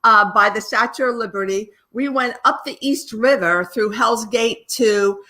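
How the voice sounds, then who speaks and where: A woman's voice: on the high side, measured pace, bright, forceful tone. A woman as an interview guest, chiming in cheerfully about a trip. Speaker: guest author. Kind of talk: casual interview chat.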